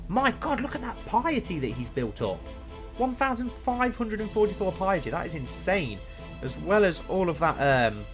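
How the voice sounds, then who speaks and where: A man of middle pitch talks through his strategy game in a relaxed, rambling way, thinking aloud as he goes. He bursts into excitement now and then. Faint music sits underneath. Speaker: let's play streamer. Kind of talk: casual gameplay commentary.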